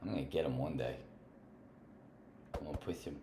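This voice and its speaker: A man hosting a casual gaming livestream, playfully teasing and bantering with other players, drifting between sing-song chatter and soft murmuring. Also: a bass voice, a little fast. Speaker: livestream host. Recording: roomy echo with faint background noise.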